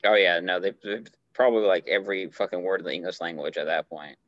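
Podcast co-host, low male voice, animated and joking, dry lo-fi sound. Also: quick pace, no echo. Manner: joking, loose, tipsy-sounding. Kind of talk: casual chat.

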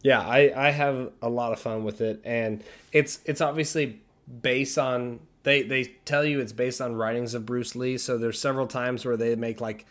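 A man's voice: mid-range voice, steady tone, moderate pace, a bit bright. A man co-hosting a podcast, talking casually with a rambling, enthusiastic delivery full of fillers. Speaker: podcast co-host. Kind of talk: casual chat.

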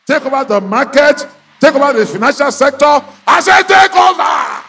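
A man preaching a fiery sermon, leading the crowd in call-and-response chants and bursting into shouts. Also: very high-pitched, a little fast. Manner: exhorting, repetitive, bursts into shouts.

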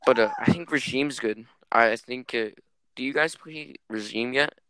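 A man's voice: mid-range voice, normal speed, a bit bright, clear, resonant tone, no room sound. A man hosting a casual gaming chat, chatty and speculative, steering the talk with questions.

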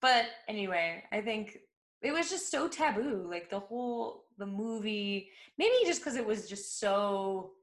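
A woman's voice: medium pitch, animated, a little slow, echoey room. A woman in her thirties co-hosting a podcast, chatty and laughing as she tells stories and acts out quotes. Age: 30s. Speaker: podcast co-host. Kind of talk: casual chat.

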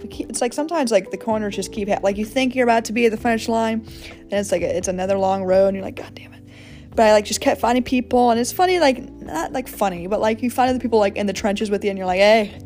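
A woman's voice: medium pitch, darkish tone. A young adult woman hosting a casual solo podcast, rambling with lots of fillers and acting out her own quoted thoughts. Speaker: podcast host.

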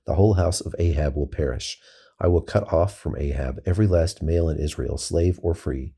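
A young prophet voiced by a man proclaims judgment in a steady, declaiming way. The voice is low and husky, with a gravelly grain. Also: brisk, exaggerated voice.

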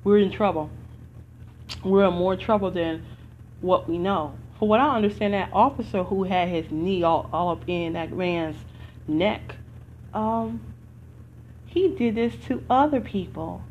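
A woman's voice: medium pitch, measured pace, a little hiss or hum. Earnest woman talking, muffled recording. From United States. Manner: earnest, rambling, with restarts. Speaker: podcast host. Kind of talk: casual spoken commentary.

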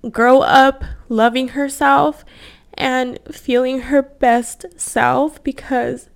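Woman in her thirties, podcast host, candid heartfelt monologue, smooth clear voice, slightly high. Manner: candid, heartfelt, many fillers like "like". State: voice cracking with emotion. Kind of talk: personal monologue.

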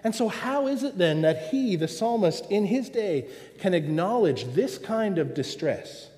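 Male pastor, lively pitch, mellow tone, earnest sermon delivery with long hall reverb. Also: unhurried. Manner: earnest preaching with rhetorical questions.

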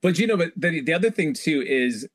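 A man, a hairstylist guest, telling lively backstage stories in a casual interview and acting out the people he quotes. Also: a little high, fairly quick. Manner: animated storyteller, acts out quoted voices.

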